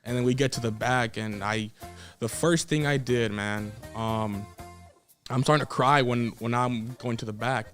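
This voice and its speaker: A man's voice: medium pitch, steady tone, normal speed, fairly bright tone, faint music behind. A 21-year-old man from South Texas, a guest wrestler telling a story in a casual, emotional, rambling way with frequent restarts.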